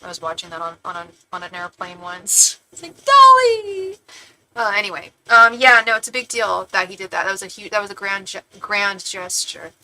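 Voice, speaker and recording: A woman's voice: mid-range voice, fairly even intonation, a little fast, hardly any pauses, pushed and bright, a little hiss or hum, poor audio. A young woman from California giving a tarot reading on a live stream, chatty and rambling with many restarts. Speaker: tarot reader.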